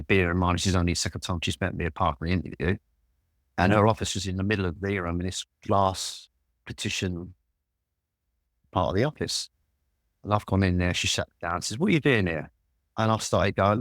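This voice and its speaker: A London man in his sixties telling lively stories as a guest in an interview, swearing freely. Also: low-pitched, no room sound, studio quality. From Walthamstow, London.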